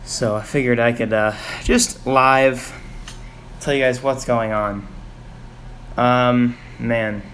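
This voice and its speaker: A man's voice: mid-range voice, fairly even intonation, takes it slowly, long pauses, fairly bright tone, slight background noise. Frustrated young man ranting on a live stream. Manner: frustrated, sighing, rambling with fillers. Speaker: vlogger. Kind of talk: casual live stream rant. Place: home garage.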